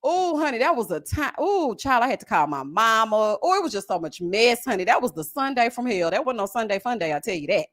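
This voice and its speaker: A young woman, telling a personal story on a live stream in a casual, expressive way. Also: fairly high pitch. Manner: animated and expressive, drawn-out endearments. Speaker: reality show commentator.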